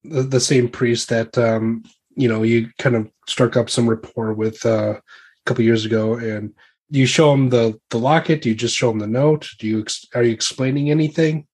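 A man's voice: mid-range voice, steady tone, normal speed, a little mellow, slightly rough. A man narrating as game master of a tabletop game, loose and rambling with many fillers. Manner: loose and rambling, full of likes and ums.

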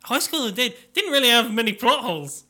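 A man's voice: very high voice, very animated, quick pace, sharp tone. A man co-hosting a podcast, chatting agreeably about an anime's flaws. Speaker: podcast co-host. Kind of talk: casual chat.

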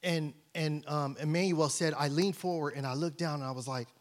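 A pastor with a notably high voice gives a loose, conversational sermon. He jokes and keeps asking the room if they follow him. His high register stands out even in casual talk. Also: fairly quick. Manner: conversational, playful, asks the congregation questions.

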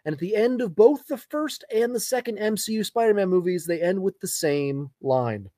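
Male podcast co-host, thirties, animated storyteller, slightly raised pitch. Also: moderate pace, no room sound. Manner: animated storyteller, laughs through his anecdotes. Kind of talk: casual chat.

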